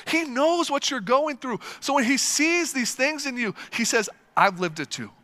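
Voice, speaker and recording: A man preaching a sermon as a pastor. He is animated and emphatic, tells stories vividly and repeats words to stress a point. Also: extremely high pitch, normal speed. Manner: animated and emphatic, with lively storytelling.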